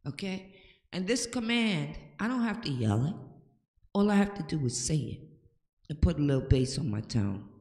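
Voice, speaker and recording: A woman's voice: deep voice, very animated, normal speed, darkish tone. An older woman hosting a home-remedy talk, giving emphatic, preachy advice and often checking in with "okay?". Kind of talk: casual advice talk to camera. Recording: echoey room with long reverb.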